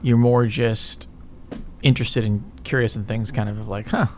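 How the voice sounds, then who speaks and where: A man's voice: fairly low pitch, level tone, normal speed, a little mellow, slight background noise. A middle-aged man, a business guest in an interview, talking casually in a rambling way, swearing often and tagging his points with "right?". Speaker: guest entrepreneur.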